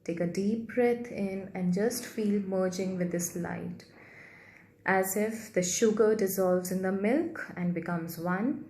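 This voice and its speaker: A woman guiding a healing meditation in a soft, gentle, slow and repetitive way. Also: mid-range voice. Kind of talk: guided meditation. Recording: roomy echo with faint background hiss.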